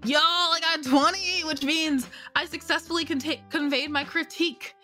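A woman's voice: high-pitched, fairly even intonation, normal speed, sharp tone, soft background music. A woman casually narrating a role-playing scene, sarcastic, profane and rambling. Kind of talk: casual comedic game narration.

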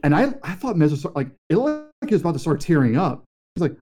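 A young man co-hosting a casual podcast, telling a story with excitement. He acts out the lines of the people in it. His voice has a mellow, warm tone. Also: fairly high pitch, fast talker. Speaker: podcast co-host. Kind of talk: casual chat.

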